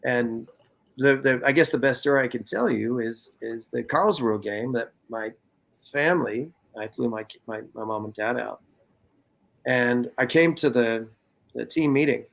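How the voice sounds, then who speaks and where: A man in his fifties from California, telling stories in a casual interview, animated and profane, acting out what people said. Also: medium pitch, a little slow, creaky. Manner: animated, profane, acts out quotes. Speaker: guest, former soccer player.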